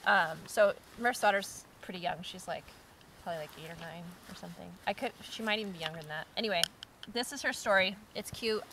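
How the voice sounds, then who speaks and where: A woman co-hosting a casual outdoor chat, giggling often and reading a listener's story aloud with animated delivery. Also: medium pitch, brisk, slight background noise, low-quality recording. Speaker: co-host reading listener stories. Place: outdoors by a campfire.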